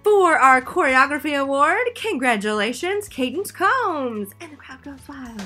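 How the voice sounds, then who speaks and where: A woman theater teacher hands out awards in a jokey, theatrical way, breaking off into asides. Her voice sits high and bounces around, and she takes her time. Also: expressive, a little slow, over loud music. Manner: theatrical, jokey, self-interrupting. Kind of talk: playful recorded award presentation.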